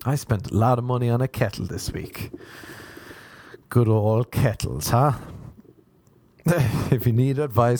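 An Irish man spins loose, self-mocking comic stories, circling back on his own words for laughs. His voice is mellow and on the darker side, recorded close and dry. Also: medium pitch, moderate pace, no echo. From Ireland. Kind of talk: rambling comic storytelling.

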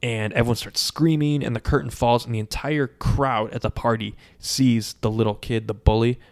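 A man co-hosting a casual chat, retelling a film in a profane, animated way. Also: mid-range voice, normal speed. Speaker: podcast co-host.

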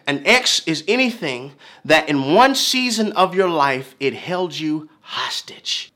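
A male preacher with a high, bright voice that swings widely in pitch. He preaches with emphasis, repeating lines and building in waves. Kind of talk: sermon.

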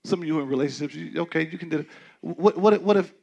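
Stammering preacher, soft to loud. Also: male voice, on the high side, quick pace, gravelly, dull audio. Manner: conversational preaching, swings from soft asides to loud emphatic declarations; frequent stammering restarts. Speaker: pastor. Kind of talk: sermon.

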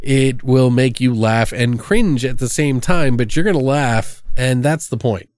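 A man's voice: medium pitch, a little slow, a little mellow, no room sound. A man from Maryland hosting a casual movie review podcast, laid-back and joking, swearing freely. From Maryland, US East Coast. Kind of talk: casual chat.

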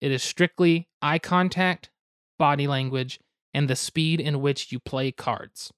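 A man's voice: on the high side, unhurried, fairly bright tone, smooth, no room sound, clean studio sound. A young man hosting a podcast, explaining a card game step by step with goofy asides and hedges. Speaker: podcast host explaining board games.

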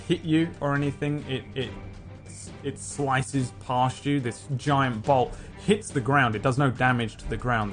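A man narrating as game master, relaxed and halting, with plenty of fillers and made-up sound effects. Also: mid-range voice.

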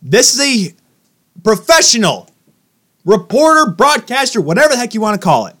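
Lively high-voiced young man. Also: moderate pace. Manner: teasing, excitable. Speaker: podcast co-host. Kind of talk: casual sports chat.

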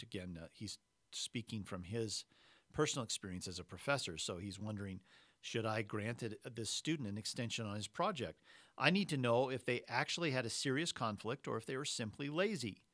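A man preaching a sermon in a measured, conversational way, reading scripture and adding explanatory asides. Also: lowish voice, lively intonation, pushed and bright, no echo, studio quality. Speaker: pastor.

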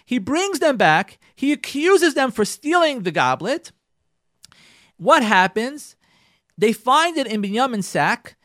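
A man giving a radio Torah talk, retelling a biblical story with dramatic emphasis and calling his listeners "ladies and gentlemen". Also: very high voice, very animated, slow pace, no room sound, clean studio sound. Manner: repeats and restarts phrases for emphasis.

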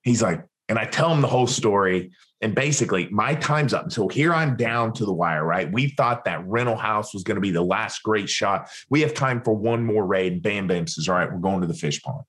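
A man guesting on a podcast tells a long, animated story. His voice sits low but his pitch rises and falls a lot as he acts out other people's lines. He rambles and often restarts his sentences. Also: moderate pace, hardly any pauses.

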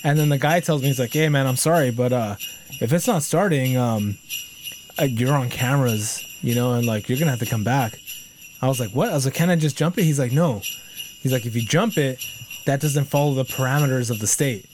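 A man's voice: medium pitch, fairly quick. Profane storytelling man, noisy recording. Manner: animated, swears constantly, acts out quoted people. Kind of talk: casual chat, profane storytelling. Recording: noisy background hiss.

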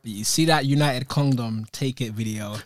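A man's voice: mid-range voice, normal speed, crowd noise. A man, co-hosting a podcast and teasing his guest in casual banter. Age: 20s. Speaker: podcast co-host. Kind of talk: casual chat.

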